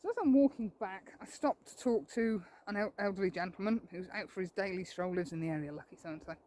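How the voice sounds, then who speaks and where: A woman's voice: medium pitch, fast, dark tone, a little hiss or hum. A woman photographer chatting as she walks through woodland, thinking aloud in a self-deprecating way. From England. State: a little out of breath while walking. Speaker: landscape photographer. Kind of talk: outdoor vlog narration. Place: outdoors in woodland.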